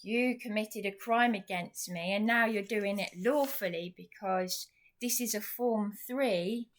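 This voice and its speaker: A woman's voice: mid-range voice, measured pace. A woman in an indignant, rambling venting monologue to camera, sarcastic as she goes. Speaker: vlogger.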